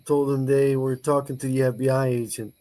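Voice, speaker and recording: A man's voice: mid-range voice, little pitch movement, fairly quick, mellow. A man in casual livestream chat, joking in a laid-back way.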